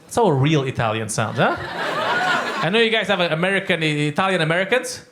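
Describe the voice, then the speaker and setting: A man from Romania doing live crowd work as a stand-up comedian, teasing and rambling with quick asides. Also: on the high side, lively intonation. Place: comedy club with audience. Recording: loud crowd and background noise. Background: audience laughter.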